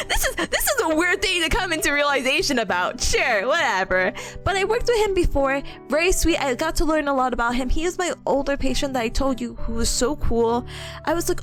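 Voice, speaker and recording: Young woman streamer, bubbly and giggly, high animated voice. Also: normal speed, soft background music. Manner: bubbly, giggly, storytelling with excited quoted voices. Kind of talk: casual chat with viewers.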